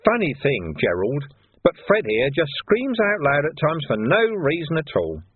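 A man plays a sly police commander who needles a prisoner with dry, mock-cheerful menace. His voice is husky and rises and falls a lot, heard through a narrow, dry, phone-like sound. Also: on the high side, huge pitch swings, normal speed, no echo, pitched above the performer's own voice, exaggerated voice. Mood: sardonic. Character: shrewd, sardonic male police commander.

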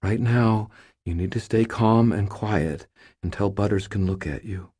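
Male narrator doing a raised-pitch young woman apprentice, earnest and protective, pleading. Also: unhurried, warm tone, breathy edge. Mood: urgent. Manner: pleading, tearful.

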